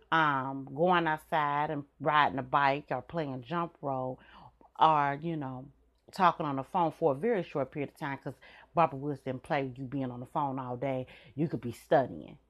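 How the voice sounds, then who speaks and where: A middle-aged woman, hosting a podcast and telling stories bluntly with frequent swearing and laughs. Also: low voice. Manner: blunt, swears freely, laughs between points. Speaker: podcast host. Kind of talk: candid storytelling monologue.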